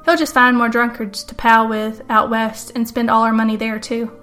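A woman's voice: fairly high pitch, level tone, moderate pace, bright, forceful tone, faint music behind. A woman doing a weary, bitter young mother. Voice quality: bitter, protective.

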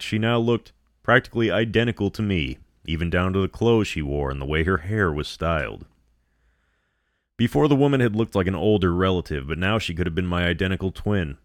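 Deep-voiced man narrating horror. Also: no room sound, clean studio sound. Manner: steady, measured storytelling.

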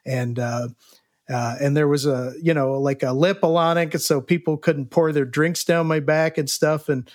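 A man's voice: fairly high pitch, steady tone, moderate pace, dry recording, studio quality. A man in his sixties, a podcast guest and sound engineer, telling a rambling story with chuckles and restarts. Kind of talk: casual anecdote telling.

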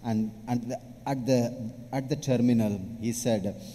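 A man's voice: medium pitch, steady tone, measured pace, dark tone. A man preaching, telling a story from his own life in a plain storytelling way. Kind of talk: testimony in a sermon. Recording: hall reverb, faint background noise.

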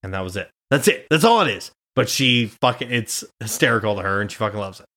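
Low-voiced swearing guy telling stories. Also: expressive, fast, pushed and bright. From Nebraska. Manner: swears freely, storytelling with quoted voices. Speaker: podcast host as guest. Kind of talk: casual chat.

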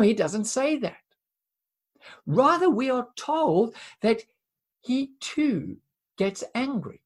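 A woman preaching a sermon in an earnest, emphatic way, with dramatic pauses and repeated words. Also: a little high, very animated.

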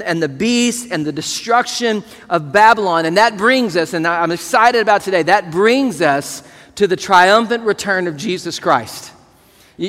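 High-voiced man preaching in a hall. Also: fairly bright tone. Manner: earnest preaching, repeats words, leads the congregation. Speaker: pastor. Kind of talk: sermon.

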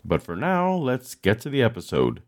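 A man's voice: medium pitch, huge pitch swings, normal speed. A man hosting a podcast, giving dry, mocking commentary over video clips. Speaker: podcast host.

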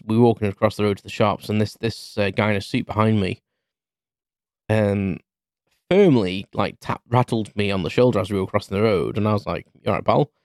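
A man's voice: fairly low pitch, a little mellow, dry recording, studio quality. A British man in his thirties, a podcast host rambling through a casual story with many restarts. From United Kingdom.

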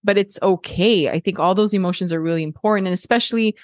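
A woman's voice: mid-range voice, fast, dry recording, studio quality. A woman in her thirties hosting a casual parenting chat, thinking aloud with frequent restarts and laughs. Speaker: podcast host.

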